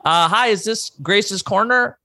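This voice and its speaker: Man playing a nervous, halting caller in a higher, bright voice, fumbling his order. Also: exaggerated voice. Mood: hesitant. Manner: halting, unsure, full of ums. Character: hesitant out-of-town male caller ordering food.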